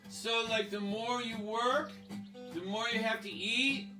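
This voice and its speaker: An insistent little girl of five, high and piping, who keeps yelling for attention and firing off questions, as a male storyteller puts her on. The voice sounds roomy and a little distant, with guitar music behind. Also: slow. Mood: curious. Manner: high, insistent, shouted calls. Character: pestering, persistent five-year-old neighbor girl.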